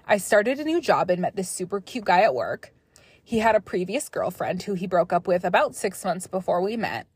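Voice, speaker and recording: A young woman hosting a podcast, reading listener stories aloud and breaking off into chatty, animated asides. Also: mid-range voice, normal speed, slightly rough, no room sound. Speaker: podcast host.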